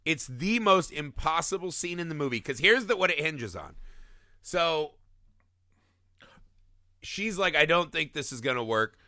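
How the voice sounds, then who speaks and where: A man's voice: a little high, a little slow, long pauses, no echo, clean studio sound. A man co-hosting a podcast, reviewing a movie in casual comedic chat, swearing often and acting out the characters' lines. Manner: profane, animated, acts out characters' lines. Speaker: podcast co-host.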